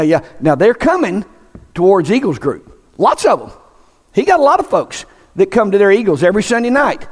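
Man preaching, high voice, emphatic, long echo of a church hall. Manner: preaching, emphatic, rising to near-shouts. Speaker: pastor. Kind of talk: sermon. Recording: echoey hall.

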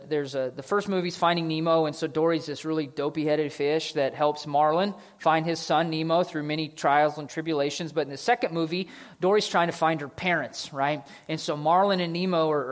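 Casual, conversational male pastor. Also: on the high side. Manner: casual, conversational preaching with lively voiced asides. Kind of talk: sermon.

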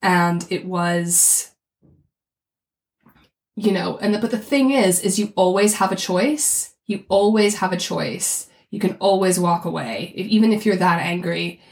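A woman's voice: fairly low pitch, unhurried. A woman co-hosting a podcast, talking things through in a thoughtful, step-by-step way. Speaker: podcast co-host. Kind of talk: casual podcast discussion. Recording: roomy echoey recording.

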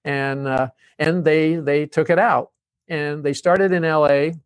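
A man's voice: on the high side, fairly even intonation, unhurried, smooth, no echo. An older man, a guest on an interview show, telling a long story in a chatty way and slipping into the voices of the people he quotes. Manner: chatty, acts out quoted dialogue. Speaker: guest, drum company founder.

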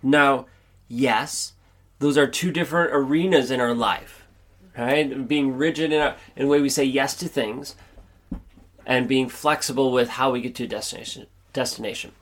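A man's voice: mid-range voice, steady tone, normal speed. A man hosting his own podcast and giving an upbeat, earnest, chatty pep talk. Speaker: podcast host. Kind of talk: motivational solo podcast monologue.

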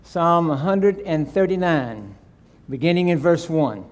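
An older man preaching in a church with an unhurried, deliberate delivery. His voice sits a little high for a man. He is folksy and self-deprecating, and turns reverent when he leads prayer. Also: animated. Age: 60s or 70s. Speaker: visiting preacher. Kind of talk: sermon.

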